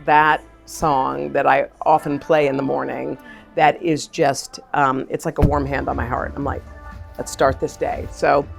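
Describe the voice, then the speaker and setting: A middle-aged woman, a TV morning show host, chatting in an interview with effusive, excitable exclamations. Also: extremely low pitch, measured pace, creaky, faint music behind. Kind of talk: casual interview chat. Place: sports event venue.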